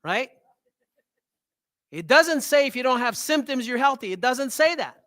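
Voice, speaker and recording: High, bright-voiced man giving a health talk. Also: a little slow. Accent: French Canadian. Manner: animated, repeats "right?" to the audience. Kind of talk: live talk to an audience. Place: talk to a live audience in a room.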